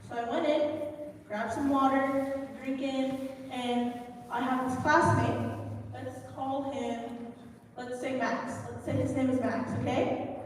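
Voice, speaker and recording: Woman, church children's story speaker, high voice, earnest and halting, distant mic in a long-reverb sanctuary. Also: steady tone, slight background noise. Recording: echoey church hall from far off.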